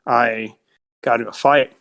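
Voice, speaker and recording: A man's voice: mid-range voice, steady tone, normal speed, creaky, fairly bright tone. Guy on a movie podcast rambling thru the plot, quoting lines, super casual. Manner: rambling retelling with many fillers and quoted lines. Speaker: podcast co-host. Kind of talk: casual film discussion.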